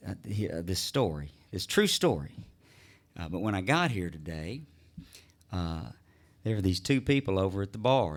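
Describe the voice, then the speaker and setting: A man from Houston, a singer-songwriter easily telling stories between songs at a live gig, with plenty of fillers and restarts. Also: deep voice. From Houston, Texas. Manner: easygoing storyteller with many fillers and restarts. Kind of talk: stage banter between songs. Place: live music venue.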